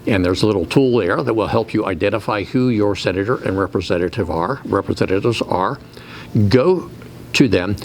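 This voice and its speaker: Measured, low-voiced middle-aged man. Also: slight background noise. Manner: measured, deliberate, with frequent pauses and fillers. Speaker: Catholic policy advocate. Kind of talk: interview answers to camera. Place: state capitol building, indoors.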